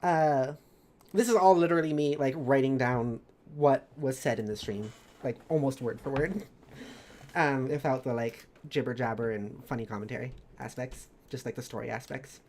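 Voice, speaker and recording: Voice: mid-range voice, moderate pace, a little mellow, slight background noise. A streamer reading a story recap of a tabletop campaign, chatty and rambling. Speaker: streamer narrating campaign lore.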